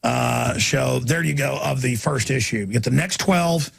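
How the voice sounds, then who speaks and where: A man hosting a talk radio show, delivering an impassioned ranting monologue that swings from shouts down to low murmurs. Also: measured pace, vocal fry, breathy edge.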